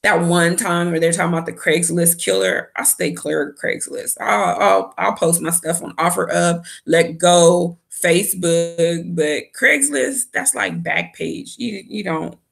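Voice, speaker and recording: A woman's voice: lowish voice, expressive, unhurried, vocal fry, few pauses. A woman giving a candid, opinionated casual recap of a reality show as a vlogger. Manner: candid, opinionated, with quoted asides.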